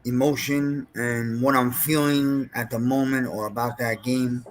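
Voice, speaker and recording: A man's voice: mid-range voice, steady tone, unhurried, a little hiss or hum. A man in casual chat who rants bluntly about how things used to be. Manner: blunt, old-school ranting.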